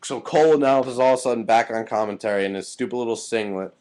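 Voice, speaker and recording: A man's voice: medium pitch, fast, a little mellow. A young man giving a casual, heated recap of a wrestling show, angry and swearing freely.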